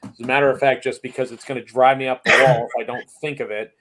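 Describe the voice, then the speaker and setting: Man, guest in a casual chat, animated storyteller who acts out quotes, middle pitch. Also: fast talker, slight background noise. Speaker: racing series guest.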